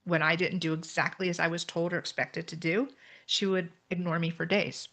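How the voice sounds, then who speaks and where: Woman, middle-aged, lowish voice, candid, earnest, podcast guest telling her story. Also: level tone, fairly quick, fairly bright tone. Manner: earnest, candid, explains terms with examples. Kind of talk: personal story in a podcast conversation.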